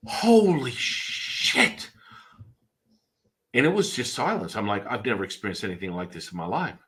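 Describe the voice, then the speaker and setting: Bright-voiced man telling animated stories. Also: fairly low pitch, fast talker, poor audio. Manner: animated, rambling, with restarts and acted-out quotes. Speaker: podcast host and Taoist priest. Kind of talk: casual storytelling chat.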